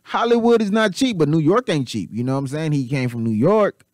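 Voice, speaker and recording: A man hosting casual commentary, rambling and repetitive, animated and swearing freely. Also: fairly high pitch, brisk, no echo, clean studio sound. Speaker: channel host.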